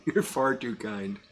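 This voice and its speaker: A man's voice: mid-range voice, a bit bright, slight background noise. A man hosting a casual live stream, reading out viewer comments, chuckling often and rambling a little. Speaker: host of a live pipe-smoking stream.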